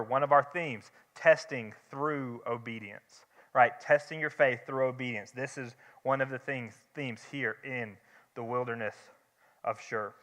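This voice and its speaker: A man's voice: medium pitch, bright, forceful tone. A young man teaching a church Bible study in a conversational way, with rhetorical questions and restarts. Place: church hall. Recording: long hall reverb.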